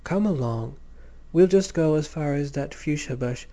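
A man reading a storybook, voicing a smooth young man who drawls and teases, insistent and mocking. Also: fairly high pitch, animated, moderate pace, dark tone, natural voice. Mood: teasing, coaxing. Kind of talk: audiobook character voice.

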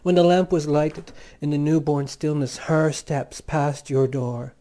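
Mellow male audiobook narrator. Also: fairly high pitch, little pitch movement. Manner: measured and lyrical. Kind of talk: literary narration read aloud.

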